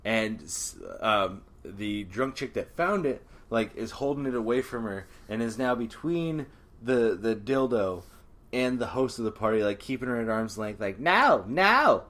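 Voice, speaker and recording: A man's voice: on the low side, moderate pace. A young man co-hosting a podcast, telling a party story in casual chat, acting out quotes and laughing often. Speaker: podcast co-host.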